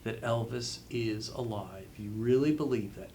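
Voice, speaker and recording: A man with a fairly low, warm voice answers interview questions as a guest author, speaking a little slowly. He delivers motivational advice with emphasis and repeated phrases, over slight background noise.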